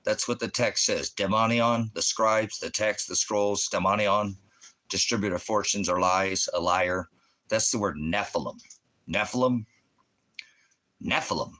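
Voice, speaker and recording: A male preacher in a ranting monologue, with a lowish voice and a bright, forceful edge. He argues combatively and fires off one rhetorical question after another. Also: steady tone, normal speed.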